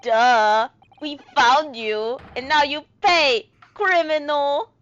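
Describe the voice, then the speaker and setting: A woman's voice: high-pitched, very slow, a little mellow, dry recording. A woman voicing a stern, mocking captor who interrogates a prisoner, on a dull lo-fi mic. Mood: menacing. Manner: menacing, mocking.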